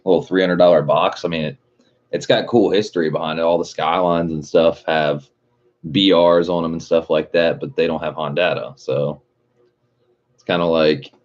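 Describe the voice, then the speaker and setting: A livestream host with a rumbling low voice chats casually at a moderate pace, his tone steady. He rambles loosely, swears constantly and chuckles often, all through dull lo-fi stream audio.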